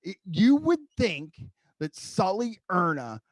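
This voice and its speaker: A man's voice: high voice, sing-song, slow pace, dry recording. Rambling, profane man hosting a podcast. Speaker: podcast host. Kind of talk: casual chat.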